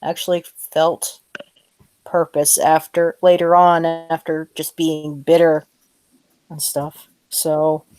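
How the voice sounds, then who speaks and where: A young woman leads a casual group chat on her podcast. Her voice sits a little low, and she reads an article aloud haltingly, with plenty of ums and blunt, dismissive comments. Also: level tone, a little mellow, no room sound, soft background music. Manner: hesitant, filler-heavy, blunt dismissive remarks. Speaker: podcast host.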